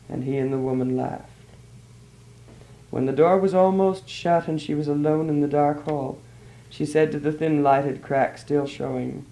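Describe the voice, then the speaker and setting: Gravelly man narrating a story. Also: medium pitch, level tone, moderate pace, mellow, poor audio.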